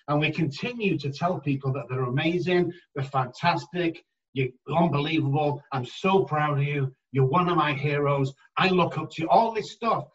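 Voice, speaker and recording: A man working as an addiction therapist, telling stories in an interview in an emphatic, animated way and acting out the voices he quotes. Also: on the high side, recorded from a distance, lo-fi sound. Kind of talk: storytelling in a conversational interview.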